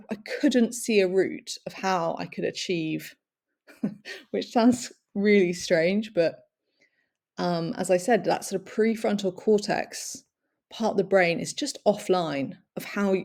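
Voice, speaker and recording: A woman's voice: mid-range voice, unhurried, gravelly, darkish tone. A woman giving a long personal talk, reflective and searching for words, with many fillers and small laughs. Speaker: speaker sharing personal experience.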